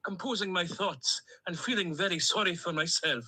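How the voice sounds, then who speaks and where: A man's voice: high-pitched, moderate pace, noisy background, close to an everyday voice. A man voicing a chatty male plastic toy duck with a Stornoway Scottish accent, telling his misadventures in a rambling, cheerfully self-pitying way. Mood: cheery, rambling. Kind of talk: comic character monologue.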